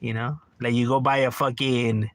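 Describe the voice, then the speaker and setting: A man's voice: mid-range voice, level tone, moderate pace, no room sound. A middle-aged man streaming a game from home, ranting casually with lots of profanity and constant "bro.". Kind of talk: casual livestream rant.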